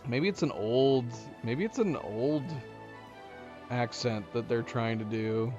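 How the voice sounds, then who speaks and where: A man's voice: mid-range voice, takes it slowly, lo-fi sound, over music. A man streaming a game, musing aloud in rambling casual commentary with chuckles.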